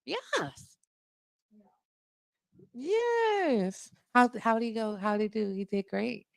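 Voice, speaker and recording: A woman's voice: mid-range voice, steady tone, fast talker, gravelly, clear, resonant tone, dry recording, studio quality. A woman hosting a live radio show, chatting casually, laughing often and cooing baby talk at her dog.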